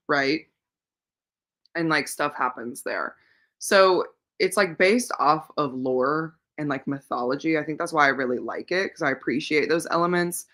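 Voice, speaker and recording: A woman with a deep voice that sounds pushed and bright hosts a casual livestream. Reading viewer comments, she rambles and thinks aloud, using lots of fillers as she answers.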